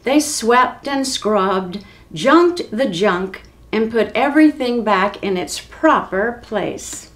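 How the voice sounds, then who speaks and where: A woman reading a children's story aloud as a library storyteller. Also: a little high. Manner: slow, expressive read-aloud.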